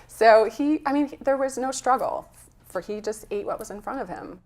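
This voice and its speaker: A woman's voice: a little high, a little slow, a little mellow. A woman guest and health coach, talking earnestly in an interview, telling a story with some emotion. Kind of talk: conversational interview.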